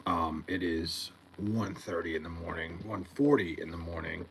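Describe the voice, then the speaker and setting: A man's voice: low-pitched, moderate pace, gravelly, a bit bright, a little hiss or hum, low-quality recording. A tired young man livestreaming from his bedroom late at night, swearing and rambling about something that annoyed him. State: tired, just woken up.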